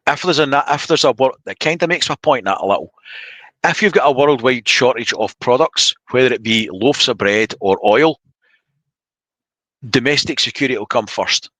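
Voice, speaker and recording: A man's voice: medium pitch, animated, moderate pace, bright, forceful tone, no echo, rough recording. A man hosting a casual live-stream chat, blunt and opinionated with joking banter. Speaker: podcast host.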